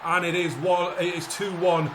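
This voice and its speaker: A high-voiced man talks at a normal speed over background noise while playing a football management game for YouTube. He gets excited calling the action like a match commentator and frets out loud over the results.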